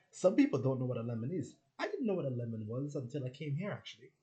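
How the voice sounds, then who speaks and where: A man's voice: medium pitch, big pitch swings, fairly quick, dark tone. A young man from Jamaica with a Jamaican accent, rambling casually and laughing as he jumps between topics. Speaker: spiritual channel host.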